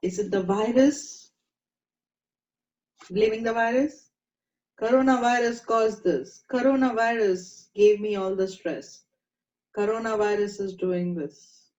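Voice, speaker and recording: A woman teaching a meditation class, gentle and coaxing, asking the group questions. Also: mid-range voice, takes it slowly, pauses often. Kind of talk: spiritual class talk. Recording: dull lo-fi sound in an echoey room.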